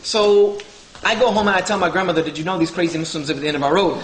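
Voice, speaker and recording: A man's voice: high voice, steady tone, rapid-fire, crowd noise. A man telling a humorous personal story to an audience, acting out the dialogue of others. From Southern United States. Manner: joking, acts out the dialogue of others. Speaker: speaker telling his story. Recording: echoey hall with faint ambience.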